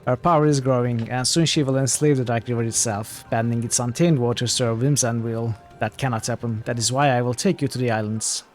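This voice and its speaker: A man's voice: mid-range voice, fairly even intonation, brisk, hardly any pauses, soft background music. A man streaming a role-playing game, casually commenting and reading the game's dialogue aloud with jokey asides.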